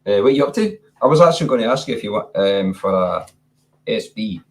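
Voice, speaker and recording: A man's voice: on the low side, lively intonation, a little fast. A man with a Scottish accent chatting casually as a livestream guest, laid-back and swearing freely. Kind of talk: casual chat.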